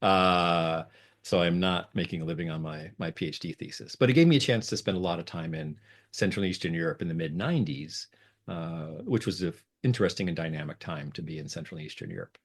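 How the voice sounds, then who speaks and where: Low-voiced man, halting and rambling. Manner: rambling with many fillers and restarts, lively pitch jumps. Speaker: guest, lawyer and negotiator. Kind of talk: conversational interview.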